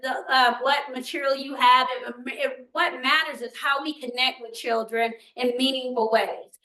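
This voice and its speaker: High, bright older woman presenting in an echoey room. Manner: animated, asks the audience questions, acts out quotes. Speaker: parenting workshop presenter. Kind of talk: live presentation to parents. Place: meeting room.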